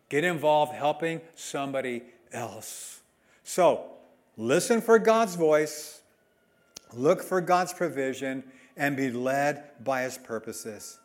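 High, lively-voiced male preacher. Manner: emphatic preaching, with sudden swings between loud and soft. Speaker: pastor. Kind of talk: sermon.

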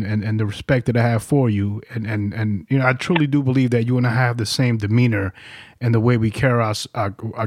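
A man's voice: mid-range voice, no room sound, studio quality. A man in his forties from New York, a veteran hosting a podcast, telling stories with lots of laughter and swearing. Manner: animated storyteller, laughs often, swears freely. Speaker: podcast host, Marine veteran. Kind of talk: casual chat.

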